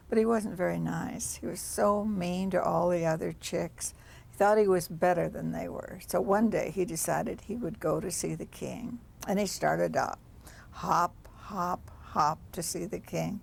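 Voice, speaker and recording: A woman's voice: fairly low pitch, gravelly, darkish tone, slightly rough. A woman storyteller telling a children's folk tale aloud, with rhythmic repeated refrains.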